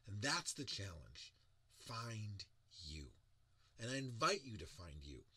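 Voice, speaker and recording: A man coaching on public speaking in an energetic motivational lecture, swinging from slow, soft emphasis to loud bursts. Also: fairly low pitch, a little hiss or hum. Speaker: presentation coach.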